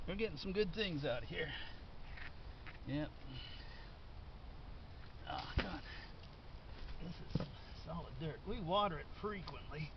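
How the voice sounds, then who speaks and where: Guy rambling while he digs in his backyard garden, kinda high voice, muffled lo-fi audio, outdoor noise and cars going by. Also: unhurried, gravelly, pauses often. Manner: chatty, thinks aloud, delighted exclamations. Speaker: home gardener. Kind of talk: casual narration while digging up potatoes. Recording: dull lo-fi sound with steady background noise.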